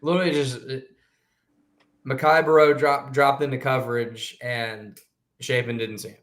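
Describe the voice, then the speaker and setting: A man co-hosting a sports podcast, talking casually in an animated, emphatic way with quick restarts. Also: medium pitch.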